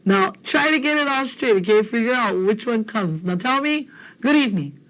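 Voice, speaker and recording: A woman's voice: a little high, lively intonation, moderate pace, a bit bright, low-quality recording. A woman teaches a language lesson. She talks encouragingly and repeats phrases so learners can practice along.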